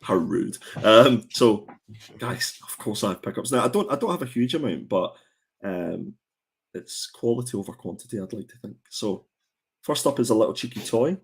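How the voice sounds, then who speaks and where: A man's voice: on the low side, lively intonation, normal speed, vocal fry, husky. Chatty man hosting a stream. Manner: chatty, rambling, joking, with frequent fillers and restarts. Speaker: co-host of a comics show. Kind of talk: casual livestream chat.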